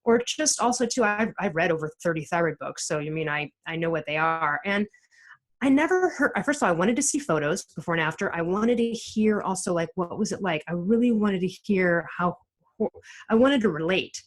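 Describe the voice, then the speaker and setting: A woman's voice: fairly low pitch, brisk, rough recording. Emphatic middle-aged woman telling her story. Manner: emphatic, animated storytelling with frequent restarts. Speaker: podcast guest, author. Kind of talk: casual interview chat.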